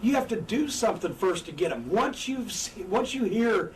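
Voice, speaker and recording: An older male former pro wrestler, interviewed as a guest on an indoor couch, spins candid stories in a high, animated voice, talking fairly quickly with hardly any pauses. He curses freely and acts out crowd and wrestler voices, captured by a distant mic with faint room noise.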